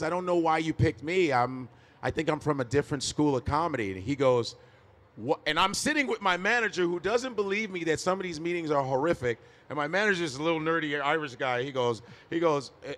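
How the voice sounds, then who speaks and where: A man's voice: fairly high pitch, fairly bright tone. A man from Chicago, a stand-up comedian telling stories as a guest on a live podcast, swearing freely and laughing often. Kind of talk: casual interview chat.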